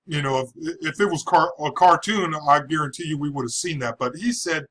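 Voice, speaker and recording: A man's voice: fairly high pitch, brisk, hardly any pauses, sharp tone, low-quality recording. A man casually telling a personal testimony in a chatty way, with frequent restarts and chuckles. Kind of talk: casual storytelling.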